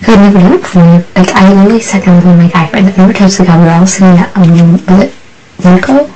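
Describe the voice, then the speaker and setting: A woman's voice: on the low side, quick pace, mellow. A young woman on a reality show, chatting casually and rambling with lots of "like", often dropping into a whisper. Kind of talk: casual chat. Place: shared house indoors.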